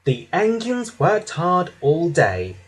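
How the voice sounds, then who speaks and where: A man narrating a children's storybook with an expressive, dramatic reading. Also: fairly high pitch, slow pace, slightly rough.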